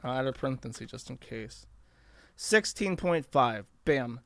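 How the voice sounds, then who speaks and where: A man's voice: medium pitch, animated, a little slow, creaky, no echo. A man hosting a podcast, talking in a crude, sarcastic, rambling way as he comments on posts. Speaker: podcast host. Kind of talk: casual commentary.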